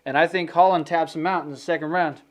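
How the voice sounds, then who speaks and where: A man's voice: fairly high pitch, fairly even intonation, fast. A man co-hosting a casual sports podcast, talking loosely with restarts and asides. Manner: loose and conversational, with restarts and fillers like "you know" and "man". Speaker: podcast co-host. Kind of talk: casual sports prediction chat.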